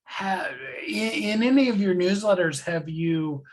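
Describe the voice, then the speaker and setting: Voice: mid-range voice, a little slow, poor audio. An interview host asking easygoing questions in a casual chat.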